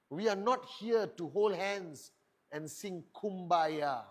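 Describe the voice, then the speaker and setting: Man, high pitch, motivational speaker, punchy rhetorical questions, emphatic. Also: slow. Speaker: network marketing leader giving a motivational talk. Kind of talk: motivational speech.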